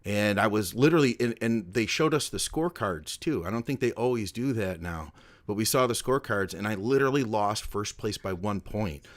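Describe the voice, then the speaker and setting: A man's voice: fairly low pitch, animated, brisk. A middle-aged man co-hosting a podcast, reminiscing in casual chat and rambling with many filler words. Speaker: podcast co-host.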